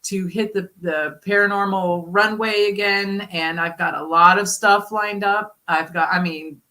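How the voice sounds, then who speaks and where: A woman with a bright, clear voice talks as a podcast guest. She is animated and openly dramatic. She laughs easily as she chats. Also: mid-range voice, unhurried. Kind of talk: casual chat.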